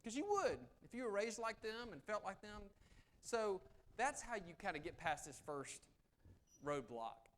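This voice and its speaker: A middle-aged man giving a live negotiation seminar, swinging between loud emphasis and soft, low asides. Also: sing-song, measured pace. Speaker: negotiation speaker. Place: meeting room with audience.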